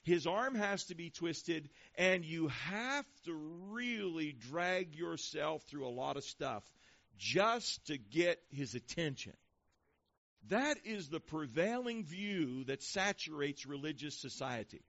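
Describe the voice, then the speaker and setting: A man preaching a sermon to a congregation, reading scripture slowly and with stress on each phrase. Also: a little high, very animated, a bit bright. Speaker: pastor. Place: church before a congregation. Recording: dull lo-fi sound.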